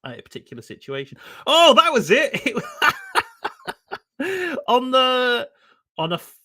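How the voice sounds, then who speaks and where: Giggly, lively man. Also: very high-pitched, normal speed. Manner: giggly, animated storytelling. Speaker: guest. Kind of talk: casual chat on a live stream.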